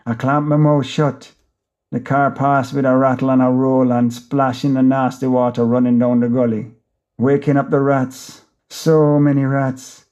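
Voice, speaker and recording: A man's voice: fairly high pitch, a little mellow. A man with a Jamaican accent reading an audiobook, narrating a frantic, rambling first-person inner monologue in patois.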